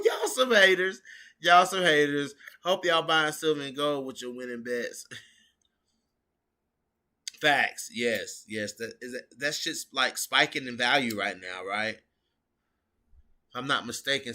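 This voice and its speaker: Bright-voiced man ranting about fights. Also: mid-range voice. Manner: animated, swearing, keeps saying bro. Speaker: MMA reaction streamer. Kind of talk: casual reaction commentary.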